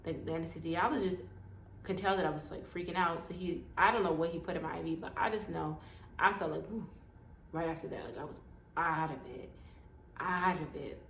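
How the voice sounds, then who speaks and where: A woman vlogger telling a personal story in a lively way, acting out what others said. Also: lowish voice, fairly quick. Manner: animated, acts out quoted dialogue. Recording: echoey room with faint background noise.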